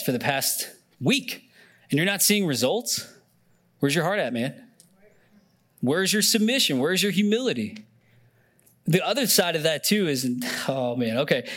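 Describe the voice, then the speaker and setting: A man's voice: sits high, a bit bright. A young man preaching a sermon in an earnest, conversational way, often emotional and near tears, with many fillers and restarts. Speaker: pastor.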